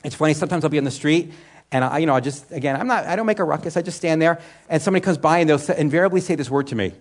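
Speaking very fast in a voice on the high side, a man teaches a sermon conversationally as a Bible teacher. He asks the room questions and answers them himself, often saying "you know" and restarting.

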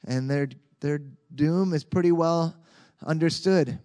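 A man preaching a sermon as a pastor in a conversational, animated way with frequent restarts. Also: on the high side, measured pace.

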